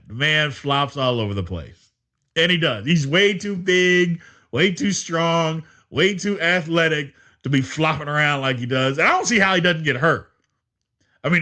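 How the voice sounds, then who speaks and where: A man hosting a casual sports podcast, talking in an animated, exasperated way and laughing often. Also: on the high side. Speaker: podcast host.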